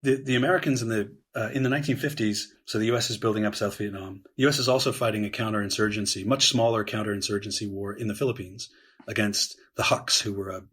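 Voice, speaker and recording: A male history professor talks through the past as a guest, eager and fluent, often restarting his phrases and voicing quotes with gusto. His voice sits low and carries a husky edge. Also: fairly even intonation, quick pace, fairly bright tone. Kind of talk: animated conversational explaining.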